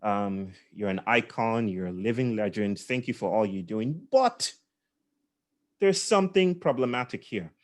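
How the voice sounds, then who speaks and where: A man's voice: on the low side, expressive, a little slow. A man voicing an indignant male human-rights questioner who pleads in incredulous questions.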